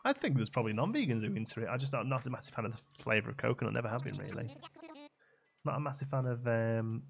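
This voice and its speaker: A man's voice: medium pitch, expressive, quick pace, vocal fry, breathy edge, soft background music. A young man chatting and joking on a live stream while playing a game, humming little tunes between comments. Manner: chatty, jokey, hums and sings tunes. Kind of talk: casual live-stream chat.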